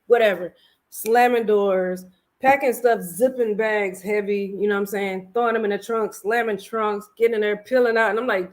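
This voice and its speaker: A woman hosting a casual chat about a reality show, talking candidly and telling her own story with slangy, animated detail. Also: mid-range voice, brisk. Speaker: podcast host.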